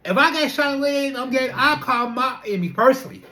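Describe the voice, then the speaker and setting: A young adult speaker, chatting straight to camera. The talk is loose and animated, looping through rhetorical questions and repeated fillers. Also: sits high, fast talker. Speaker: vlogger. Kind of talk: casual talking-to-camera monologue.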